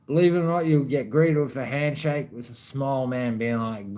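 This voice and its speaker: A man's voice: mid-range voice, moderate pace, hardly any pauses, a little mellow, rough recording. A man with an Australian accent chatting casually to camera in a laid-back way, swearing freely and saying "you know what I mean" a lot. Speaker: vlogger.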